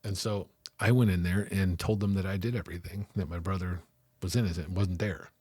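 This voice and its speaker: Husky low-voiced man telling his story. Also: a little fast, dry recording, studio quality. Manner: animated, acts out quoted voices, frequent "right?" and "like". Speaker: interview guest. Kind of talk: candid storytelling interview.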